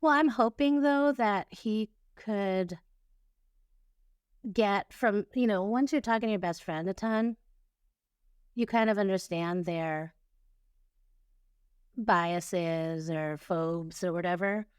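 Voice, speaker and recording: A woman co-hosting a podcast speaks in a smooth, clear voice of middle pitch. She chats casually and teases with quick replies. The recording is dry and close. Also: dry recording. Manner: teasing, quick back-and-forth replies. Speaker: podcast co-host.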